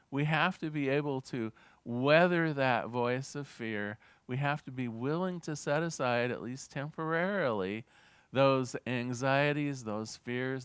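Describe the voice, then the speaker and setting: Smooth-voiced man giving a gentle sermon. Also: mid-range voice, no echo. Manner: earnest, gentle teaching with small restarts. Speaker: minister.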